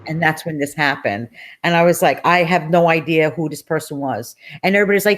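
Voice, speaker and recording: A middle-aged woman, telling a personal story as an interview guest in a lively, chatty way, acting out the voices of people in it. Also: on the low side, fast talker. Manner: animated, acts out quoted voices.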